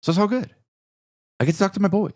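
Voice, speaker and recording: A man hosting a podcast, telling a comedic story and acting out his own and others' lines with big jumps in his voice. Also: fast talker. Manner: animated, acts out quotes with big pitch jumps. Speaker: podcast host.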